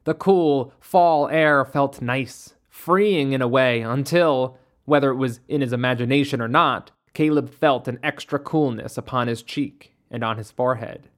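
A narrator reading a ghost story in a measured, steady way. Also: medium pitch.

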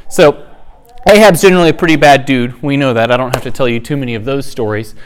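A podcast host who teaches the Bible retells its stories in a casual, humorous, chatty way, acting out the characters' lines. He talks fast in a medium-pitched voice, with a little hiss or hum in the recording.

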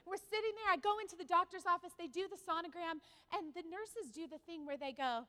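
A woman pastor preaching a sermon, telling a personal story with animated delivery and asking the congregation questions. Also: very high voice, a little fast, in a large hall.

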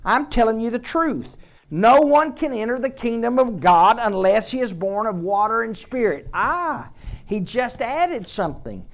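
A woman's voice: a little high, expressive, unhurried. A woman preaching a sermon to her congregation, emphatic and repeating phrases for effect.

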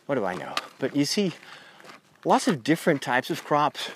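Chatty priest talking while walking. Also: male voice, fairly high pitch, big pitch swings, normal speed, background noise. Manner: rambling, conversational, with frequent restarts. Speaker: Catholic priest and podcaster. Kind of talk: chatty walking podcast monologue. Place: outdoors on a country path. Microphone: lavalier mic on a phone.

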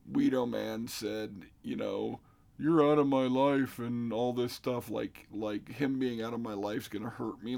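A man's voice: mid-range voice, creaky, darkish tone. A middle-aged man telling a story casually, recounting conversations with an exasperated manner.

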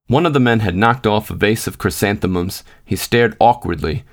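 Low-voiced man reading a story. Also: moderate pace. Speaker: podcast host and reader. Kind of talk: scripted narration.

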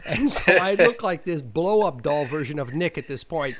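A man's voice: fairly high pitch, normal speed, over a noisy crowd. A man tells a story in an easy, chatty way and acts out each exchange. His voice sits a little above the usual range for a man. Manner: animated storyteller, acts out dialogue. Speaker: actor telling a story. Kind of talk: casual chat.

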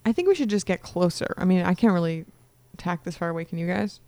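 A woman's voice: lowish voice, expressive, fast talker, warm tone, no room sound. A woman playing a tabletop game, bubbly and joking. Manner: bubbly and joking, laughs often. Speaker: player. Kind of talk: casual tabletop play.

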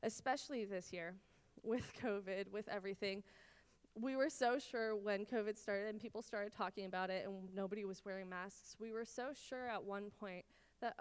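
A woman's voice: medium pitch, steady tone, moderate pace, clear, resonant tone, in a large hall. A woman in her twenties from Israel, teaching a Bible study in an earnest, personal way with lots of "like"s. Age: 20s. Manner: earnest and personal, many "like"s, emotional at times.

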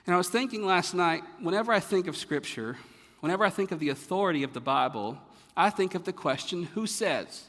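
Guy preaching a sermon, kinda high voice, big echoey church hall, lots of who-says questions. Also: animated, quick pace. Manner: rhetorical questions, rising to emphatic peaks then dropping quiet. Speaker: pastor. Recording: long hall reverb.

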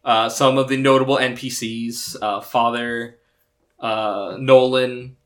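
A man's voice: mid-range voice, level tone, slow pace. A young man acting as game master, chatting casually and recapping the game in a rambling, self-deprecating way.

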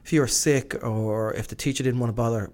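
A British man co-hosts a casual chat, his mid-range voice fairly quick, darkish, and fairly even in intonation. He rambles with enthusiasm, restarting sentences and relying on fillers as a podcast co-host.

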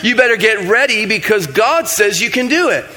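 Bright high-voiced joking preacher man. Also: animated, moderate pace, a little hiss or hum. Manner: joking, casual preaching with playful asides. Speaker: pastor. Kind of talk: sermon.

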